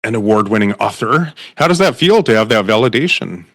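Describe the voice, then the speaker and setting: A man's voice: fairly low pitch, expressive, a little fast, no echo, studio quality. A man hosting an interview, talking reflectively and laughing often. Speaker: podcast host. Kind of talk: conversational interview.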